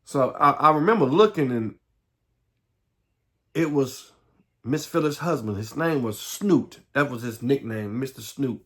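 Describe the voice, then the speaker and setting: Middle-aged Southern man recounting his own past, unscripted, stumbling and restarting, voice mid-pitched. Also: lively intonation, fairly bright tone. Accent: Southern American. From Southern United States. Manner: halting, repeats words, frequent restarts. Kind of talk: personal life story monologue.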